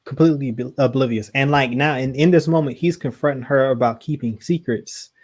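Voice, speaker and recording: A man co-hosting a podcast in casual chat, animated, with quick asides and laughs. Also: medium pitch. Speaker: podcast co-host.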